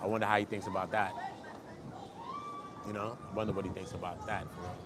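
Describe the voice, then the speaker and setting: A man hosting an online gossip commentary show, talking fast and slangy, swinging from low mutters to loud excited bursts. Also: very noisy. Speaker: YouTube commentary host. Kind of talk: animated street-gossip commentary.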